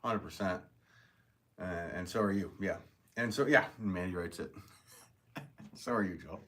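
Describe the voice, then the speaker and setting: A man with a notably low voice hosts a casual live stream and reads viewer comments aloud. He is upbeat and chatty, laughs often and thanks people warmly. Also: normal speed. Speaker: potter hosting a live stream.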